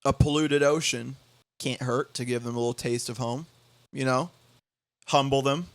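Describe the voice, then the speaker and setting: A young man hosting a podcast, telling a story in casual chat, halting with many restarts and quoting others in bouncy voices. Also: medium pitch, fairly even intonation, no echo. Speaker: podcast host.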